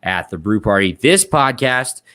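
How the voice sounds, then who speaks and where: A man's voice: fairly low pitch, animated, normal speed, fairly bright tone. A man hosting a podcast, chatting casually and telling a joking story about a college football game. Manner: laid-back, joking storyteller. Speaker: podcast host.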